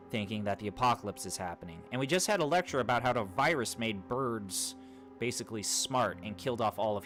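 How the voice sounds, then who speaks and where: A man's voice: mid-range voice, fairly bright tone. Casting: man narrating game text aloud, dry and wry, faint music behind. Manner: wry, exasperated asides. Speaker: let's play host. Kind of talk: reading a visual novel aloud with commentary.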